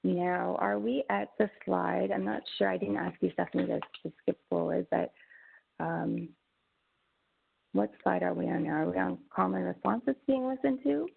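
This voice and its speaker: Female presenter, low-pitched and gravelly, relaxed teaching tone over a tinny call line. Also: normal speed, slight background noise. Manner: conversational, with frequent restarts. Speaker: webinar presenter, social worker. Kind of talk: teaching webinar talk. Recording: tinny phone-like webinar audio.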